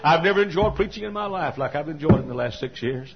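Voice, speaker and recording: An older male pastor, telling a personal testimony in a folksy, repetitive sermon style that builds to shouting climaxes. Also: on the high side, lively intonation, fast talker, lo-fi sound, heavy background noise.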